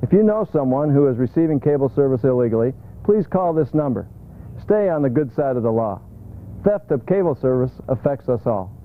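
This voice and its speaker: A man's voice: mid-range voice, very animated, a little fast. Man reading a public service announcement. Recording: tinny lo-fi videotape audio.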